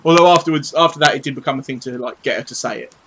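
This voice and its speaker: A man's voice: medium pitch, very fast, sharp tone, slight background noise, rough recording. A British man in his thirties chatting cheekily and swearing playfully while painting on a live stream at his home desk. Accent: British English. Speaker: livestreamer painting models.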